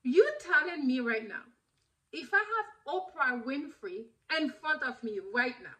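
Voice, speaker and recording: A woman retelling what a teasing, blunt adult man said, firing quick questions at her. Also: very high-pitched, expressive, bright, forceful tone, heavily acted. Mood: mocking.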